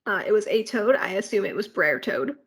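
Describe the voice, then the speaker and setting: A woman with a husky, mid-range voice co-hosts a podcast, talking fairly quickly with lively intonation. She casually walks through a theme park ride, rambling with plenty of filler words and asides.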